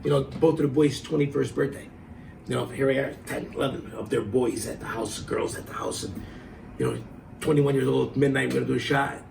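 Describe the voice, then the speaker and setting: Gravelly-voiced middle-aged man telling a story. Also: mid-range voice, brisk, recorded from a distance, slight background noise, poor audio. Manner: animated, acts out quotes, laughs while telling. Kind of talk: casual storytelling.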